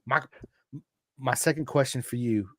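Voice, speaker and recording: An American man hosts a relaxed motorsport podcast at an everyday, mid-range pitch. He talks loosely and tells stories with animated back-and-forth quotes. The close mic sounds dry, with no room around it. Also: a little slow, no echo. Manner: animated storyteller who acts out quoted exchanges. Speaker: podcast host. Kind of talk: casual interview chat.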